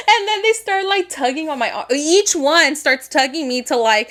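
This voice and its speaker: A young woman with a high voice tells a story on a podcast in a loose, casual way. She swears freely, acts out the other people's lines and keeps the story moving. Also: measured pace, pauses often. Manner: animated, swears a lot, acts out quoted voices, laughs often. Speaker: podcast co-host.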